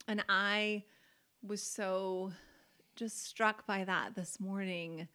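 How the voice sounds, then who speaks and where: A woman co-hosts a relaxed faith podcast in an easy conversational voice. She talks in a chatty way, full of "like" fillers, and laughs readily. She presses hard on the words that matter to her. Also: medium pitch, extremely slow, clear, resonant tone. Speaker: podcast co-host.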